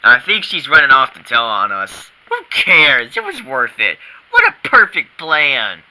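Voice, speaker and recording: A sardonic tiger, voiced by a lone performer drawls teasing remarks in a fan comic dub. He speaks slowly and deliberately in a clear, bright tone, lower than the boy he teases. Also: huge pitch swings, heavily acted, poor audio. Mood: wry. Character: dry, sly stuffed tiger friend.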